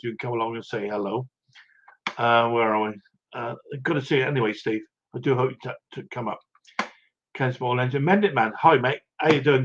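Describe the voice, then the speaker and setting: A man's voice: medium pitch, muffled recording. A man hosting a casual livestream, chatting in a rambling, chummy way and tripping over viewers' names. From Britain. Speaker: livestream host. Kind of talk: casual live-stream chat.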